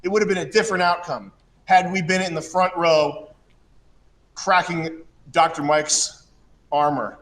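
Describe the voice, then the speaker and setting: High-voiced man ranting casually. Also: steady tone, a little slow, pauses often. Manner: rambling, mocking, bursts into shouting rants. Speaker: show host. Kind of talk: casual chat.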